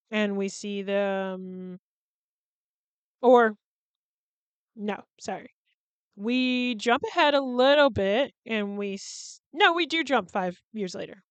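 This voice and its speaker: A woman's voice: on the high side, takes it slowly, clear, resonant tone, no echo. A woman hosting a podcast in casual chat, candid and chatty, swearing freely and laughing between sentences. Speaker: podcast host.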